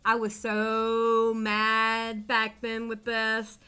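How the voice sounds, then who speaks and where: A woman's voice: a little high, completely flat delivery, drawn-out words, pushed and bright, clear, resonant tone, soft background music. A woman hosting a reaction commentary, exasperated and repeating herself as she insists she won't get angry. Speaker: commentary channel host.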